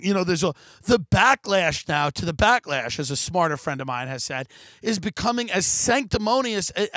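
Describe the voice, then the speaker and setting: A man's voice: high-pitched, a bit bright, dry recording. A man hosting a comedy podcast, delivering a profane, rambling, sarcastic rant and mocking his critics in put-on voices. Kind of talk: ranting comedic monologue.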